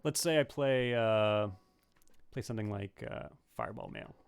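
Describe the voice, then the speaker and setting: A man's voice: lowish voice, normal speed, vocal fry, over loud music. A man answering viewers' questions in a casual livestream banjo lesson, thinking aloud with many fillers and restarts. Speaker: banjo teacher. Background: banjo playing between phrases.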